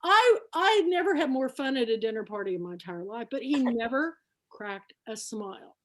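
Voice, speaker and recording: A middle-aged woman hosting an online book club, telling anecdotes in an animated way and laughing often. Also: fairly high pitch, moderate pace. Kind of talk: casual storytelling on an online show.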